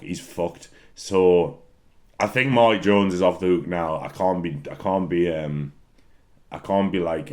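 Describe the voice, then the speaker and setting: Man, casual solo chat, rambling and giggly, prone to loud laughing fits and swearing. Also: low-pitched. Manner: rambling, repeats words for comic effect. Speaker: wrestler answering fan questions.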